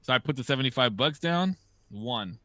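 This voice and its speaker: A podcast host chatting casually, cursing freely as he spins a story. His voice is bright and forceful. The sound is dry and close, with no room echo. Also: medium pitch, lively intonation, moderate pace. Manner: loose, profane storytelling. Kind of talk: casual chat.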